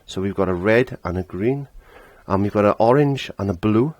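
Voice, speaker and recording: A middle-aged man with a low, deep voice talks through a painting lesson in a casual, chatty way. He laughs at himself often and lets his sentences trail off while he concentrates on his brushwork. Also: normal speed, a little mellow, dry recording. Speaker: painting teacher.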